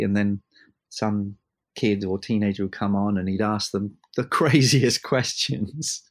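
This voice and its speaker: A record producer, a man, telling animated anecdotes in an interview and acting out the voices of the people in them. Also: on the low side, unhurried. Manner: animated anecdotes, acts out quoted voices, laughs. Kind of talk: storytelling interview chat. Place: abroad from the host, evening.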